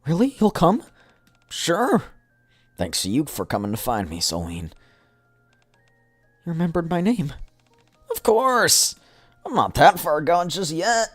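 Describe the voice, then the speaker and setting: A man's voice: fairly high pitch, sing-song, measured pace, long pauses, a bit bright, no echo, faint music behind, exaggerated voice. A man voicing a cheerful, nervous young woman train conductor while reading game dialogue aloud on a stream. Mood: delighted.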